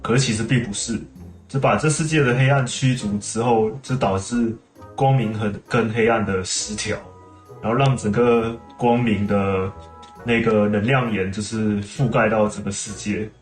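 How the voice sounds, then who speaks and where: A man's voice: on the low side, fairly even intonation, moderate pace. A man streaming a game, chatting casually and explaining things at length. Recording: roomy room with game music.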